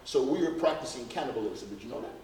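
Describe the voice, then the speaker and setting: A man's voice: medium pitch, expressive, quick pace, darkish tone. Guy lecturing at church, lots of questions at the crowd, echoey hall, far from the mic. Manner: rhetorical questions, folksy and emphatic. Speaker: health lecturer.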